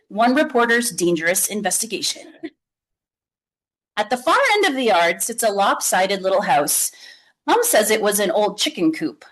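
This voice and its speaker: A woman reading a children's book aloud to an audience, with lively, expressive storytelling. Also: medium pitch, poor audio. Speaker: author reading.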